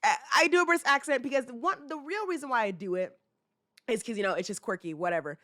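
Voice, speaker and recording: A young woman in her twenties hosts a podcast, chatting casually and rambling with fillers and laughter. Her voice is a little high, quick, bright, and forceful, recorded dry with clean studio sound.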